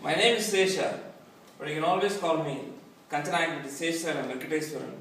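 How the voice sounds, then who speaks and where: A middle-aged man from India doing a stand-up comedy set with self-mocking, deadpan punchlines. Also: fairly high pitch, quick pace. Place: large echoey performance hall. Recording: echoey hall, distant, noisy.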